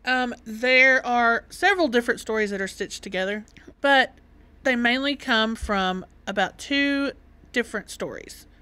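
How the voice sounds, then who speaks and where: A woman's voice: a little high, a little slow, pushed and bright, clean tone, no echo. A woman with a Southern US accent, co-hosting a podcast in casual chat and laughing often. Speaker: podcast co-host.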